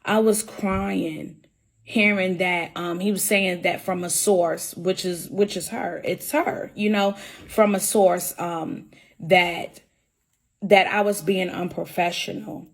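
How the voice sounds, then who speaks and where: A young employee with a lowish, fairly even voice talks slowly to camera about getting suspended at her job. Her emotional account is earnest, and she keeps repeating herself, going back over every point.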